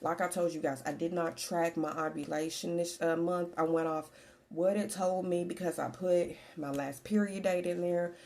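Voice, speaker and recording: A woman's voice: on the low side, steady tone, normal speed, creaky, darkish tone. A woman in her forties talking candidly in a chatty personal vlog, repeating herself as she goes. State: slightly out of breath. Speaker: vlogger.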